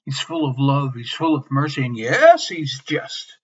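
A man preaching a sermon with passion. He swings between loud emphasis and soft near-whispers and repeats key phrases. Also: medium pitch, very animated, unhurried, slightly rough. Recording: slightly dull lo-fi sermon recording.

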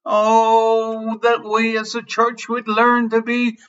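A man preaching a sermon with passion. He swings between loud emphasis and soft near-whispers and repeats key phrases. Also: extremely high pitch, completely flat delivery, slow, clean tone. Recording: slightly dull lo-fi sermon recording.

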